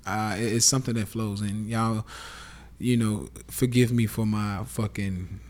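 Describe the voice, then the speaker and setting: A man's voice: on the low side, steady tone, measured pace, a little mellow. Profane Southern man ranting. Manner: blunt, profane, preachy, addresses listeners as y'all. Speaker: podcast host. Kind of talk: casual rant podcast.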